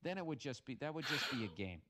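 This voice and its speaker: An American podcast host delivers a profane comic rant, swearing heavily and sarcastically as he reads out listener messages. He's very animated and fast, with a medium-pitched voice and crowd noise behind him.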